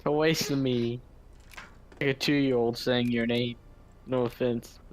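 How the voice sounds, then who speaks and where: A man chatting casually on a multiplayer game voice call, in a playful, drawn-out way. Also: mid-range voice, flat delivery. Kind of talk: casual gaming voice chat.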